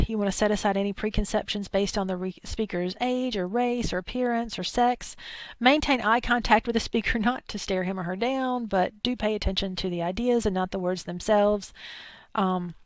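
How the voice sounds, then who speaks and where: A woman's voice: medium pitch, a little fast, no room sound. A woman from Arkansas with a thick Southern accent, giving a chatty, digressive lecture with asides. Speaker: instructor. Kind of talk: recorded lecture.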